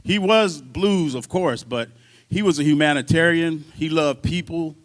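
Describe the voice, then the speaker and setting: A man on a symposium panel telling lively stories from his years as a drummer, laughing and acting out voices as he goes. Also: fairly high pitch, measured pace. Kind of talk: storytelling at a panel talk. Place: university symposium.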